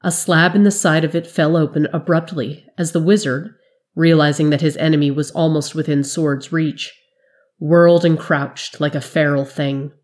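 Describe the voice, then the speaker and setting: A woman with a low voice reads a fantasy story aloud in a measured, dramatic manner. She tells it steadily, as a narrator of fiction. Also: steady tone, a little mellow.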